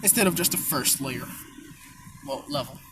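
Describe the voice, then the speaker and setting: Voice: mid-range voice, normal speed, background noise. A fan storyteller telling an improvised what-if tale in a rambling, self-correcting way, with some casual swearing.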